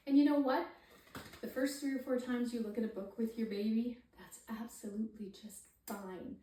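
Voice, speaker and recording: A woman coaching parents on reading to babies, switching into excited sing-song baby talk with gasps to show how it is done. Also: normal speed. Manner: gasps and swoops up high when modeling talk to the baby. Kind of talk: instructional talk with animated baby-talk demonstrations. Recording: echoey room, somewhat far from the mic.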